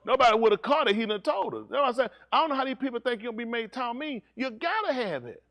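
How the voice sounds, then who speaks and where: A male pastor preaching a sermon, swinging between low, steady teaching and high, shouted preaching, teasing members of his congregation. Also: quick pace, dry recording.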